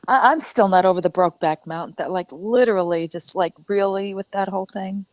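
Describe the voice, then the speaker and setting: A woman's voice: medium pitch, a little fast, dry recording, muffled recording. A woman co-hosting a casual chat, teasing and giggly. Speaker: co-host.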